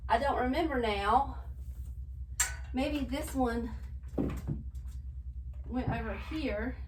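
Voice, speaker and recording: A middle-aged woman with a slightly high voice talks through her decorating project at home. She sounds a little out of breath and chats easily to her viewers as she works. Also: slight background noise. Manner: chatty, talking to viewers while working. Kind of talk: casual chat while decorating. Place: home bedroom.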